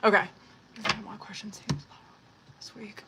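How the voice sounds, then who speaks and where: A woman's voice: medium pitch, flat delivery, measured pace, very noisy. A woman in her thirties or forties chatting casually on a live tarot stream, blunt and profane, laughing often as she reads out messages. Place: home kitchen.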